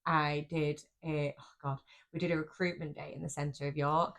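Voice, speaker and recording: A woman co-hosting a podcast in casual chat, teasing with deadpan banter. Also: deep voice, moderate pace, creaky. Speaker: podcast co-host.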